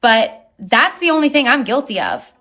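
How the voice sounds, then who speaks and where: A woman who owns a wedding venue, telling an animated, indignant account of a dispute with her neighbors. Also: high-pitched, normal speed, faint music behind. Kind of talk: recounting a neighbor dispute to camera.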